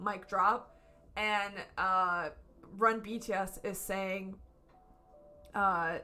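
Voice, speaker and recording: A woman's voice: mid-range voice, fairly even intonation, extremely slow, pauses often, pushed and bright, soft background music. A woman streaming from home, reviewing a concert in a casual, gushing way and swearing freely. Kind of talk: casual excited review chat. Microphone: camera setup at home.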